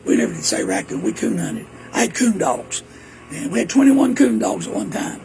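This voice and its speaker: A man's voice: high voice, wildly swooping pitch, normal speed, gravelly, a little mellow, slight background noise. A man, a preacher rambling through folksy memories in a casual monologue. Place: indoors at home.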